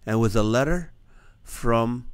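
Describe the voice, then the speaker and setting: A man's voice: medium pitch, unhurried, no room sound. A man hosting his own live show, telling a personal story with earnest energy and acting out the dialogue. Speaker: comedian hosting a nightly live stream. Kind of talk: storytelling testimony to a live audience.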